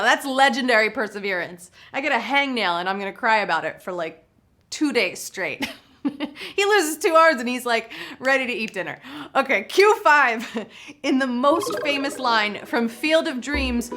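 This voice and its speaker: A woman hosting a live trivia game show, playful and excitable, giggling between chatty asides. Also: sits high. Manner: upbeat and excitable.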